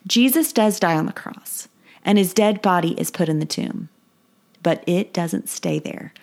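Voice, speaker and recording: A woman's voice: lowish voice, a little slow, gravelly, a little mellow. A woman hosting a Bible lesson podcast for kids, talking enthusiastically and repeating key points for emphasis. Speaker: Bible teacher and podcast host.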